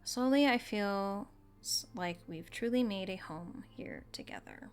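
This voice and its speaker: A woman streaming a video game, reading its story text aloud in a soft, level voice. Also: mid-range voice, wildly swooping pitch, measured pace, smooth. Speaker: gaming streamer.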